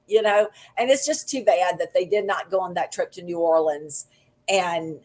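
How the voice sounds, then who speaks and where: Lady author chatting on a podcast, kinda husky, tells stories with lots of feeling. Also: fairly low pitch, normal speed. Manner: expressive storyteller, acts out quotes. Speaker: guest author. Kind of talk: casual podcast conversation.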